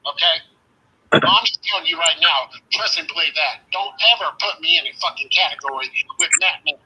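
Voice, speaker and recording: A man's voice: fairly high pitch, a little fast, background noise. A man on a livestream call who argues combatively, trading insults and brushing the others off. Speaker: call-in guest.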